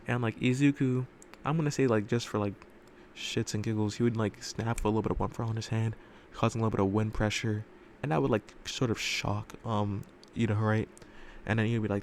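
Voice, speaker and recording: A man's voice: fairly low pitch, steady tone, fast, a little mellow, a little hiss or hum. A man telling a fan story casually, rambling with lots of fillers and loose swearing, recorded in a room at home.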